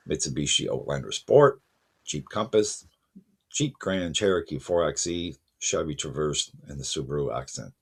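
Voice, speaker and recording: Car channel host, man, very low husky voice, chatty and loose. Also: measured pace. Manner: conversational, self-correcting, addresses viewers as folks. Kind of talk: casual spoken commentary to camera.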